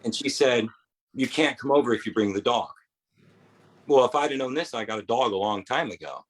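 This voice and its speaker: A man's voice: medium pitch, animated, fairly quick, low-quality recording. A man doing a rambling stand-up set on a bar stage, with quoted voices in his stories. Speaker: stand-up comedian.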